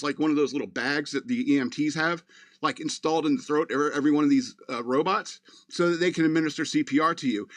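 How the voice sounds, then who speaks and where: A man's voice: a little high, fairly quick, fairly bright tone, dry recording. A man hosting a radio show in a casual, meandering monologue full of fillers.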